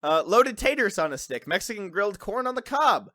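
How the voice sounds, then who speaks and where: A man's voice: high-pitched, sing-song, brisk, sharp tone, no echo, studio quality. A man hosting a podcast in casual chat, reading a list aloud and laughing. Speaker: podcast host.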